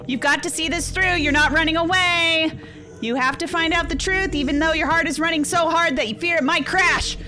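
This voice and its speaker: A woman's voice: very high-pitched, normal speed, pushed and bright, soft background music. A young woman streaming, reading a horror text game aloud and reacting with yelps, swears and nervous laughs.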